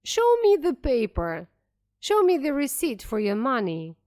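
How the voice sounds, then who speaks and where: An indignant, dishonest photographer who shouts and protests, as a woman narrator voices him. The line rises high and sharp. Delivery stays slow and dry. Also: huge pitch swings, full character voice.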